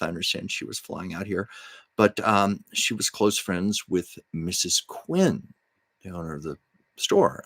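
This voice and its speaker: A man's voice: lowish voice, fairly bright tone, no room sound, clean studio sound. A man hosting a livestream from home, telling rambling, chatty stories and often correcting himself. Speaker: livestream host. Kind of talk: casual storytelling chat.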